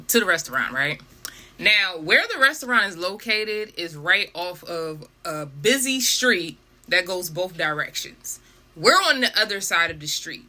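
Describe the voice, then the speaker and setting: A young woman telling a storytime vlog, animated and dramatic, with frequent asides to her viewers. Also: medium pitch. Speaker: vlogger.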